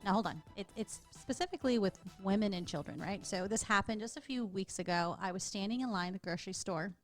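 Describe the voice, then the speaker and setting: A middle-aged woman co-hosting a casual chat show, telling stories in a chatty, animated way and laughing often. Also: mid-range voice, quick pace, soft background music. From Texas. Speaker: co-host.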